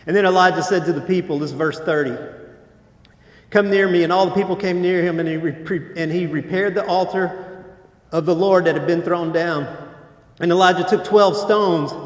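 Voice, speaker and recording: Joking pastor in an echoey hall. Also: male voice, high voice. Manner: informal and joking, with lots of filler words. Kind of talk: casual sermon. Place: church auditorium under stage lights. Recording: echoey hall, long reverb.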